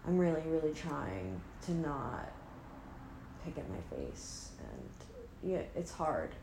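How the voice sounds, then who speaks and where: A sleepy woman rambles to camera in a casual, self-deprecating way, trailing off and restarting as she goes. Her voice sits a bit low, and the echoey room carries a faint hum of ambience. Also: a little mellow. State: sleepy, not fully awake. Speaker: vlogger. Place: indoors at home, an apartment.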